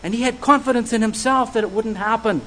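A man preaching a sermon, earnest and measured, putting searching questions to his listeners. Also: very high-pitched, pushed and bright, poor audio.

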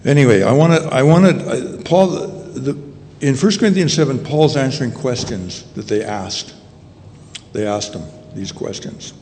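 A man preaching a sermon in a meeting hall, speaking in a halting way with many fillers and restarts. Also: mid-range voice, expressive, darkish tone. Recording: long echo in a hall, faint ambient noise.

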